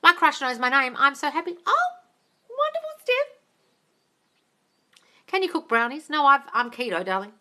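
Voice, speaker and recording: An Australian woman with a bright, forceful voice pitched a little high answers questions on a live stream. She is blunt and swears freely, and she calls her viewers darling. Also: expressive, fast talker, few pauses. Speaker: manifestation coach. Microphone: phone or tablet.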